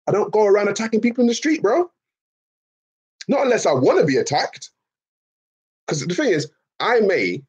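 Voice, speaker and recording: A man streaming to his chat in a casual, profane rant, animated and repeating his points. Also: medium pitch, breathy edge, lo-fi sound.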